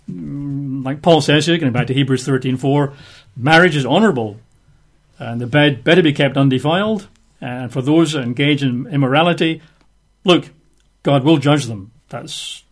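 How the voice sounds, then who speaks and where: Man preaching with slow, drawn-out emphasis. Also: a little high. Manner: unhurried, stretches key phrases, asides with fillers. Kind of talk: verse-by-verse Bible teaching.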